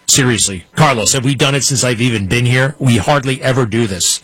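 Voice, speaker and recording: A man's voice: mid-range voice, fairly quick, fairly bright tone, slightly rough, no room sound, rough recording. A man hosting a political commentary show, ranting in a combative, mocking way from a studio.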